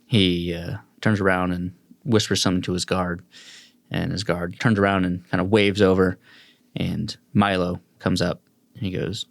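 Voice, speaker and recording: A man narrating a tabletop fantasy game as game master, describing scenes in an unhurried way. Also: low voice, level tone, vocal fry, no room sound.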